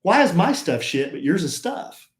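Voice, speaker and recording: A man co-hosting a podcast in casual chat, telling stories in an expressive, playful way. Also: high voice, normal speed. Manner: expressive storyteller, playful and defensive. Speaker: podcast co-host. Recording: roomy echo.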